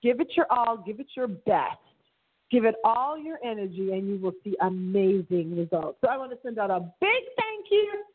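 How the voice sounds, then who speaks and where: A middle-aged woman hosting her internet radio show alone, talking in a theatrical, dramatic way with big swings in pitch. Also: big pitch swings, normal speed. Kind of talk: solo radio show monologue. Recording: phone-line audio.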